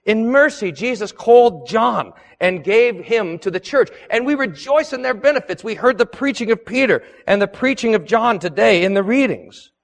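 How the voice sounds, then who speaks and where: Male pastor, higher-pitched man, earnest sermon with loud peaks and hushed drops, recorded in a church with long reverb. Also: expressive, normal speed, vocal fry, few pauses. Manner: earnest preaching with emphatic rises and soft drops. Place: church sanctuary.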